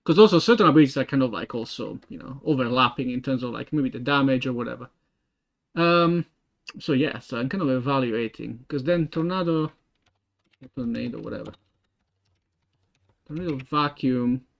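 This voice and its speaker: A young man with an Italian accent, a game developer thinking aloud while he works, halting with many fillers and restarts. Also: mid-range voice, vocal fry. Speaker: game developer streaming his work. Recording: dull lo-fi stream audio.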